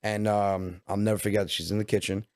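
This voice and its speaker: Comedian guest in his 40s, New York Italian-American accent, low-pitched and quick, dry close mic. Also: no echo. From Westchester, New York. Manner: animated storyteller, quick bursts, acts out dialogue. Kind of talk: casual podcast storytelling.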